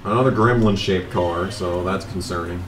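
A man's voice: low voice, normal speed, echoey room, recorded from a distance. Grumbling, profane young man narrating gameplay. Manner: grumbling, profane, laid-back rambling. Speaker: gameplay commentator. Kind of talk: casual gameplay commentary.

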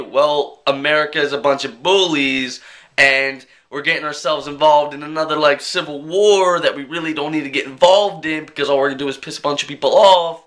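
A young man talking to his webcam in a casual vlog, joking and swearing as he rants and mimics people in quick bits. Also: a little high, a bit bright. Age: young adult. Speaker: vlogger.

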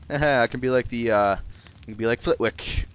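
A South Jersey let's play gamer speaks at a measured pace in a clear, resonant mid-range voice. His gameplay commentary is casual, chatty and sarcastic, peppered with casual swearing.

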